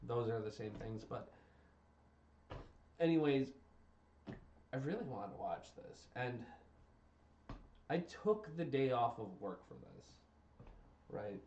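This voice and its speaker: A man's voice: medium pitch, lively intonation, slow pace, pauses often, a little mellow, far from the mic, slight background noise. A young adult man streaming, talking casually and emphatically, repeating himself as he vents his exasperation. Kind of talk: casual ranting commentary. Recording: roomy, dull lo-fi stream audio.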